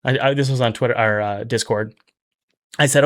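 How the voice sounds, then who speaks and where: A man hosting a casual commentary video about game development. He talks in an energetic, chatty way, with restarts and quick asides, and repeats key phrases for emphasis. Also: mid-range voice.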